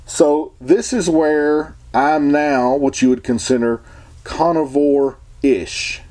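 A man's voice: fairly high pitch, steady tone, slow pace, dark tone. A man talking casually and emphatically to his viewers, opinionated and rambling, often restarting his sentences. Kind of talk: casual talk to camera.

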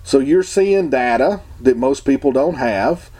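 A man's voice: mid-range voice, expressive, unhurried, mellow. A man talking casually and emphatically to his viewers, opinionated and rambling, often restarting his sentences. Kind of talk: casual talk to camera.

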